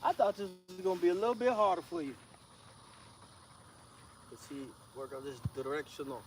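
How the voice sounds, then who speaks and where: Male dog trainer, slangy and relaxed, fairly high voice, outdoors with noticeable background noise. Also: moderate pace. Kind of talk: casual training demonstration.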